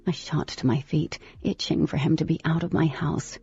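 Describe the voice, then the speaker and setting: A woman narrating a first-person novel in an expressive, animated way. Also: low voice, moderate pace, gravelly, few pauses, husky. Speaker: audiobook narrator. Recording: slightly lo-fi with faint music.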